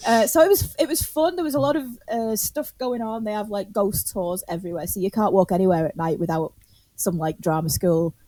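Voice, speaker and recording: A woman's voice: mid-range voice, a little fast, warm tone, dry recording. A woman tells a story on a podcast in casual chat. She laughs often, swears freely and acts out the quotes. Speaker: podcast co-host.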